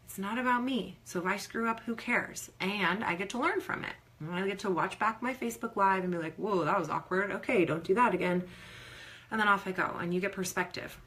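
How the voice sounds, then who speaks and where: A woman performance coach talking casually on a live Q&A, giving advice and acting out nervous athletes in quick quoted voices. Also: medium pitch. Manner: animated, acts out quoted athletes.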